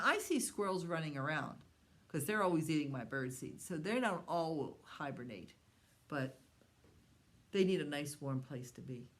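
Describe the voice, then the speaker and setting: A woman with a low, deep voice leads a children's storytime at the library. She coaxes the little ones with questions and invites them to join in. She keeps slipping into a soft, hushed whisper. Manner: animated, coaxing voice for young children, often dropping to a hushed whisper.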